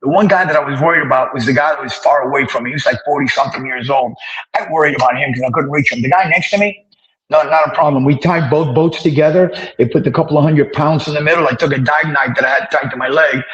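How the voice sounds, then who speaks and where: Animated older man telling stories. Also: a little high, quick pace, muffled recording. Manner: animated storyteller who acts out dialogue. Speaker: interview guest telling his past. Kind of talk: casual storytelling interview.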